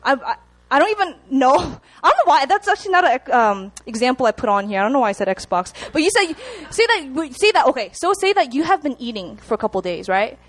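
A young woman preaching a sermon to a congregation, chatty and animated, often checking in with the room. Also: sits high, brisk. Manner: animated, chatty, laughs at herself, asks the room to respond.

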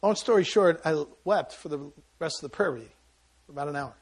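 Gravelly, husky man preaching. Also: fairly high pitch, brisk. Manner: emotional storytelling with sudden loud bursts and quiet asides. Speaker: pastor. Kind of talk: sermon.

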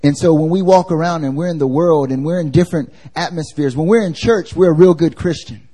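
Brief: male preacher, somewhat high voice with a mellow tone, conversational sermon, quizzes the listeners. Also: brisk, breathy edge. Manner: casual and slangy, asks the congregation questions. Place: church service.

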